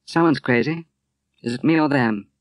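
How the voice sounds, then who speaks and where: A brash young woman, bold and teasing, her voice lifted high and loud, as a male narrator puts her on. She speaks bluntly and plainly, in a dry, close reading. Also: moderate pace, dry recording, natural voice.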